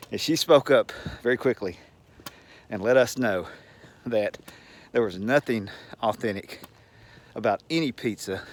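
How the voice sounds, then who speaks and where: A man's voice: mid-range voice, animated, normal speed, pauses often. An older man with a Georgia Southern accent, chatting emphatically in a rambling, folksy way while out walking and often chuckling. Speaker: vlogger. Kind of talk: rambling casual monologue. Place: outdoors, walking.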